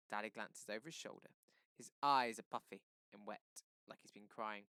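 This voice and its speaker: A man's voice: fairly low pitch, no echo. Male teacher reading a novel aloud. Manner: steady reading with quick self-corrections and asides.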